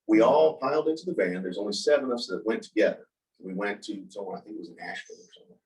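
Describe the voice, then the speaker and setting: A man telling a personal story in a casual talk, animated and acting out the voices of the people he quotes. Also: fairly low pitch, rapid-fire. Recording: voice from a distance from the mic.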